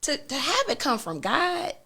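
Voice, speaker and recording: A woman book coach talking as a guest in an interview, animated and acting out what her clients say. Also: high-pitched, a little slow, vocal fry, a loud crowd.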